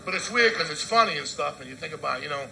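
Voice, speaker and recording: Gravelly New comic, profane and loud. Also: male voice, lively intonation, fast, noisy background. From New Jersey. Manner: profane, swinging from loud outbursts to low asides. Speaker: comedian. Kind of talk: stand-up storytelling.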